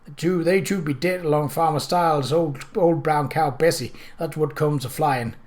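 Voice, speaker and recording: A man voicing a wizened, toothless old rural man who talks in a flat nasal twang. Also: a little high, normal speed, close to an everyday voice. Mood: cheerfully grim.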